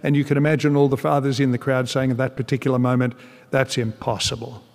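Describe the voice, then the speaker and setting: A man's voice: medium pitch, flat delivery, a little mellow. Earnest male preacher in a reverberant hall. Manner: earnest, measured, emphatic pauses. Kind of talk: sermon. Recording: long reverb in a large hall.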